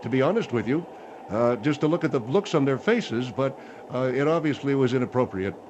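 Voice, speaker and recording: A man playing a gruff, condescending retired general in a comedy radio bit, stammering and bossy. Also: medium pitch, lively intonation, a little fast, a little mellow, lo-fi sound, slight background noise, natural voice. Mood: boastful.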